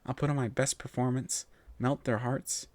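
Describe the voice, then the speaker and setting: A man voicing a young, spoiled and frightened pony filly in a high pleading whine. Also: steady tone, moderate pace, a little mellow, no echo, close to an everyday voice. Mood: anxious.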